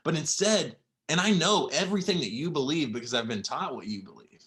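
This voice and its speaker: A young man telling a personal story on a podcast, halting with many fillers and close to tears. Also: fairly high pitch, lively intonation, a bit bright. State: near tears. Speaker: podcast guest.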